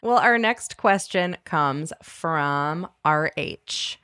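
Upbeat woman co-host, lower voice. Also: lively intonation, drawn-out words, pushed and bright, smooth. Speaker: podcast co-host. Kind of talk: casual advice chat, reading a letter.

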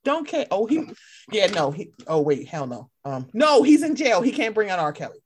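Animated, swearing woman in casual chat. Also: medium pitch, moderate pace, a little hiss or hum. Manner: animated, swears freely, acts out her own reactions. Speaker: podcast co-host.

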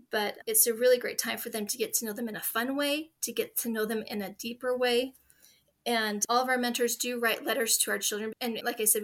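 A woman in her forties talks as an interview guest, sharing stories earnestly and from the heart. Her voice is bright and clear, and it sits a little above the usual pitch for a woman. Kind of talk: interview conversation.

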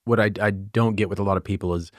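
Lower-voiced man, eager podcast host. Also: steady tone, fast talker, dry recording, studio quality. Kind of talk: casual chat.

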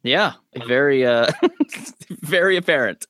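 A male podcast co-host, excitable and quick to laugh, filling his talk with casual slang. The close mic leaves his mid-pitched voice dry. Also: dry recording. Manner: excitable, laughs often, says like and dude.

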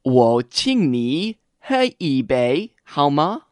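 Curious male co-host with lively pitch. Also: drawn-out words, no echo, clean studio sound. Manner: repeats phrases after the teacher, playfully curious. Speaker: co-host and learner. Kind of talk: scripted radio lesson.

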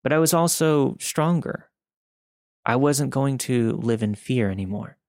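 A man reading listener-submitted stories aloud as a podcast host, in a calm, steady first-person storytelling delivery. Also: medium pitch, measured pace, dry recording, studio quality. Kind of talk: scripted first-person narration.

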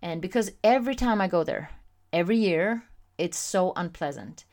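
A woman hosting a podcast, telling a personal story in a candid, expressive way with frequent pauses and fillers. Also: on the low side. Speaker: podcast host.

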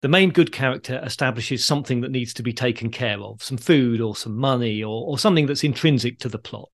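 A man hosting a podcast, calmly explaining in a dry storytelling way and delivering groan-worthy jokes. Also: mid-range voice, brisk. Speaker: podcast host. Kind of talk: conversational explaining.

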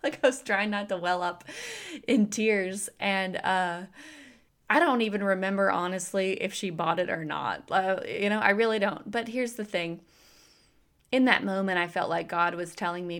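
Woman in her 30s, chatty story with lots of fillers, then slows down and gets earnest about faith. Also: mid-range voice, a bit bright. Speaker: faith speaker and business owner. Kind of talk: personal story turned devotional message.

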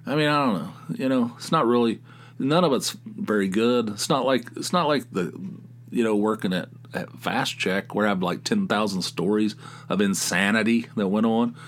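A middle-aged man with a lowish voice tells a casual story as a podcast host. He rambles and restarts, sounds exasperated, and chuckles at his own anecdote. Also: normal speed.

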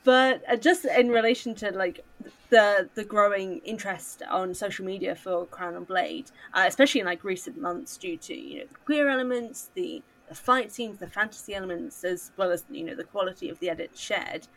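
A woman's voice: mid-range voice, normal speed, vocal fry, a bit bright, poor audio. A woman interviewing a film cast in a casual chat, gushing and upbeat with lots of fillers. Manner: bubbly, gushing, many fillers. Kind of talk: casual video-call interview.

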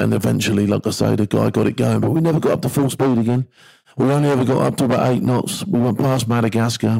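A man's voice: fairly low pitch, creaky, warm tone, husky, poor audio. A middle-aged man, a former maritime security guard, tells a tense first-person story in a blunt, vivid way and swears casually.

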